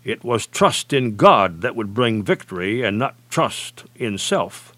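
A man preacher delivering a sermon, talking deliberately and emphatically, and slowing down to quote scripture. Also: mid-range voice, lively intonation, fairly bright tone, dry recording.

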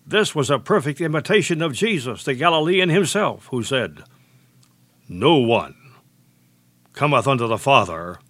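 A man preaching a sermon at a middle pitch, deliberate and steady. He slows right down to weigh each verse he quotes. The sound is dry and close, with no room echo. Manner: measured, deliberate preaching with slowed emphasis on quotations.

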